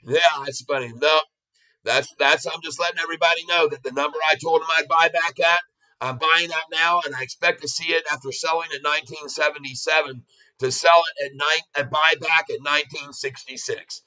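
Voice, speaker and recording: Bright, upbeat male livestream host. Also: on the high side, a little fast, poor audio. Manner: excitable, bursts of cheering. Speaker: livestream stock trader. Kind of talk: casual livestream commentary.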